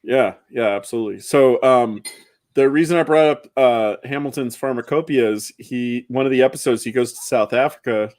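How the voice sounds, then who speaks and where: A man's voice: medium pitch, normal speed, a little mellow, no room sound. A man in his forties co-hosting a casual podcast, telling rambling stories and dropping into goofy voices. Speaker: podcast co-host. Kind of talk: casual chat.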